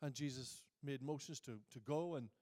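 A man preaching a sermon, moving from quiet reflection to booming emphasis and reading scripture slowly. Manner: reads scripture aloud slowly.

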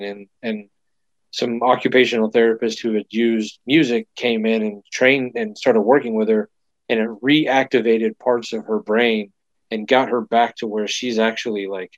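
A man's voice: mid-range voice, steady tone, normal speed, dry recording. A man co-hosting a casual chat, rambling with lots of fillers and restarts. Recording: dull lo-fi dry sound.

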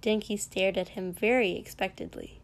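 A woman reading a fan fiction story aloud in a soft, measured narration with occasional small slips. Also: mid-range voice, wildly swooping pitch, vocal fry.

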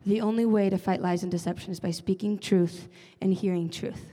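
A woman's voice: mid-range voice, steady tone, brisk, mellow. A young woman giving an earnest, conversational sermon as a church leader, often adding casual fillers. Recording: long reverb of a large hall.

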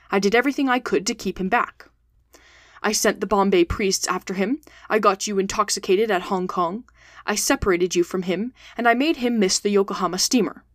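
A woman reading the part of a cool, calculating male detective in a storybook, speaking in a cold, measured way. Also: medium pitch, dry recording, studio quality, natural voice.

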